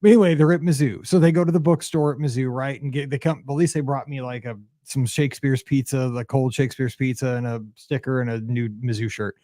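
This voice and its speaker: A man in his forties co-hosting a podcast, telling stories in an animated, excitable way and saying "dude" often. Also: medium pitch, fast, few pauses, dry recording, clean studio sound. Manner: excitable, animated storytelling, says "dude" a lot. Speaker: podcast co-host. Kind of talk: casual chat.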